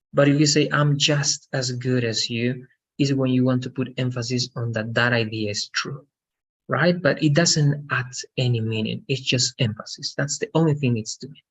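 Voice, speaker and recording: A man's voice: mid-range voice, highs cut off. A man teaching an English lesson on a video call, explaining patiently and often checking with "right?". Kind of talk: online language lesson.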